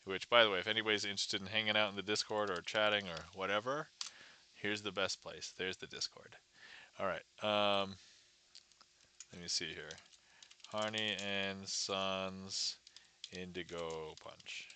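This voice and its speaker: A man's voice: sits low, fairly even intonation, a little slow, pushed and bright, a little hiss or hum. A man hosting a casual magic livestream, chatting with viewers and reading their messages aloud. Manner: chatty, greets viewers and reads chat aloud.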